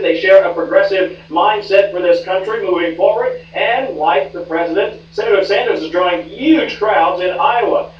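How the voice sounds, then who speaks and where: A man's voice: high-pitched, a little hiss or hum. A man reporting live for a news show in a chummy, confiding manner. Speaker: news correspondent. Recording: echoey, distant, muffled rebroadcast.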